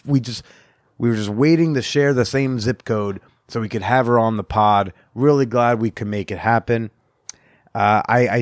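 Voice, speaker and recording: A man hosting a podcast in casual chat, his voice hoarse and blown out, chatty and self-mocking, laughing often. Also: mid-range voice, dry recording, studio quality. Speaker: podcast host.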